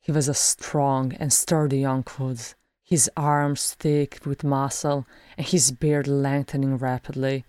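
A woman reading a fan fiction chapter aloud as an audiobook, slow and even. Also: rumbling low, no echo, studio quality. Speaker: audiobook reader.

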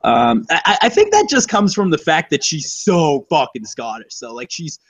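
A man's voice: fairly high pitch, big pitch swings, moderate pace, breathy edge, no echo. Rambling, profane guy in casual chat. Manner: rambling and profane, with lots of fillers and self-corrections. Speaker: podcast co-host reviewing a movie.

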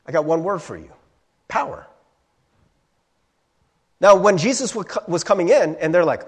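A man preaching a sermon as a pastor, animated, acting out crowd voices and asking rhetorical questions. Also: on the high side, moderate pace, pauses often, husky.

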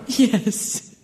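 An actress playing a frightened, defiant young woman in a radio play, speaking quietly and haltingly. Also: a little high. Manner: quiet, halting, dictating a farewell. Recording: long hall reverb.

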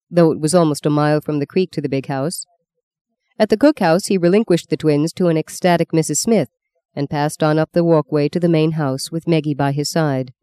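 Low, warm woman narrating an audiobook. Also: smooth, dry recording, clean studio sound. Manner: measured, descriptive storytelling. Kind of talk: scripted narration.

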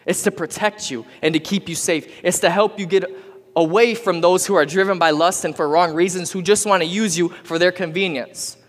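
Energetic man preaching in an echoing hall. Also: high-pitched, normal speed. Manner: energetic preaching, urging the audience to respond. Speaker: youth pastor. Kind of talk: youth sermon. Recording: long hall reverb.

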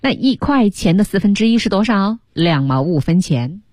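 Husky woman teaching English. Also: mid-range voice, expressive, a little mellow, dry recording, studio quality. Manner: explains words in Mandarin, repeats English phrases slowly. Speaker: English teacher and radio host. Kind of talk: bilingual radio English lesson.

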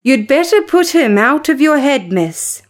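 A woman reading aloud as a serious housekeeper giving a measured warning. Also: high voice, sing-song.

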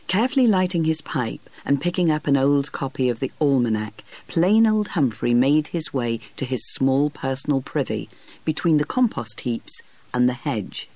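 An animated storybook reading with lots of rise and fall in the voice. It is recorded dry and close, with no room sound. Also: mid-range voice, moderate pace, no echo. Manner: lively, expressive reading. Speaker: narrator. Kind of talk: storybook narration.

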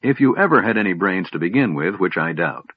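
A man puts on a cranky old dwarf with a husky, gruff edge. He scolds with wide swings of pitch, snorting his scorn. The sound is dry and a little dull, like a plain audiobook recording. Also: animated, brisk, no echo. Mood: scornful. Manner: snorting, stammering through chattering teeth. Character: old grumpy male dwarf, gritty and scolding.

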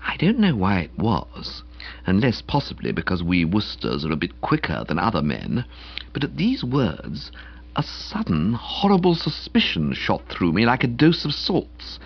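A man narrating a comic novel aloud in an expressive, wide-ranging storytelling delivery with a husky voice. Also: fairly low pitch, a little slow. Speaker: audiobook narrator. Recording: slightly dull lo-fi recording.

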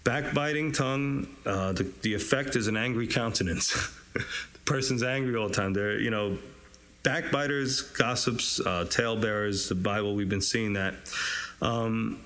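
A man's voice: fairly low pitch, normal speed, a bit bright. A man teaching a casual, conversational verse-by-verse sermon, with lots of "you know" asides and frequent chuckles. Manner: conversational, chuckles often, many fillers and asides. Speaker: pastor teaching a Bible study.

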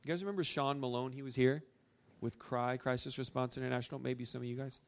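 At a church gathering in front of a live audience, a young man from Arkansas rambles informally through a story, dropping lots of fillers. He talks at a quick pace in a steady, mid-range voice.

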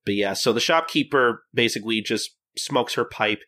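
Male podcast host, casual and halting, bright tone. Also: mid-range voice. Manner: hesitant, many fillers and restarts. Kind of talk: casual chat recapping manga.

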